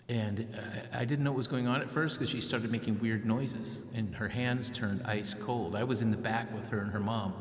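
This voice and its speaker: A man giving a keynote speech as an author, telling a story vividly and acting out what people said. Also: fairly low pitch. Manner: vivid storyteller who acts out quotes. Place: large church hall. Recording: long church reverb.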